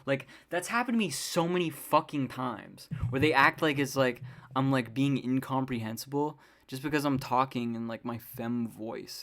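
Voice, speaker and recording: A woman's voice: very deep voice, lively intonation, moderate pace. A woman hosting a casual solo podcast, rambling with many fillers and frequent swearing in an exasperated rant. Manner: exasperated ranting. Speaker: podcast host.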